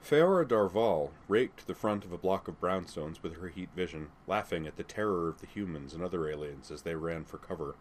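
Low voiced guy reading a story aloud, steady pace, faint hiss behind. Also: brisk, hardly any pauses. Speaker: audiobook narrator. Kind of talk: fan fiction audiobook narration.

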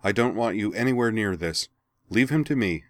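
Fierce warrior woman giving orders, man reading her part, raised a bit higher than his own voice, sharp. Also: animated, moderate pace, no echo, clean studio sound, natural voice. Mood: commanding. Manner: sharp and commanding. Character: commanding young woman firebender, a fierce teacher.

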